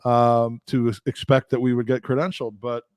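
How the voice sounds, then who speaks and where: Animated, self-mocking man on a podcast. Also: mid-range voice, a little fast, clean tone, no room sound. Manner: animated, self-deprecating, stumbling restarts. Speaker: podcast co-host. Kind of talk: casual chat.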